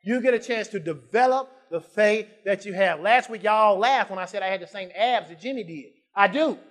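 A male pastor preaching a sermon, dropping to quiet asides and rising to shouted emphasis, repeating phrases and drawing out scripture lines. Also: high-pitched, moderate pace. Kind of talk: preaching a sermon with call-and-response.

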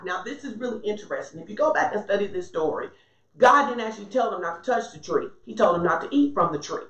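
Woman, preacher, sermon, emphatic, conversational, middle pitch, echoey church sanctuary. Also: animated, fast, fairly bright tone, highs cut off. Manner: conversational, emphatic, asks the congregation for responses.

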